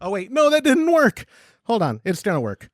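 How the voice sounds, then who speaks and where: A man's voice: sits high, wildly swooping pitch, moderate pace, dry recording, clean studio sound. A man with a Texan accent hosting a podcast in a jokey, casual way, often laughing. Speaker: podcast host.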